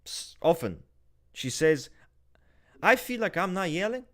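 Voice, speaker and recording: Loud sweary guy ranting on a podcast, voice sits a bit high and jumps all over. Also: big pitch swings, unhurried. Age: adult, married. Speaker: podcast co-host. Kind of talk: casual chat.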